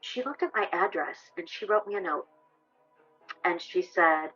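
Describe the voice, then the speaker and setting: A woman's voice: lowish voice, expressive, unhurried, fairly bright tone, husky, highs cut off, faint music behind. A woman who survived abuse, speaking earnestly and hesitantly with many fillers in a documentary interview. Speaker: abuse survivor sharing her story.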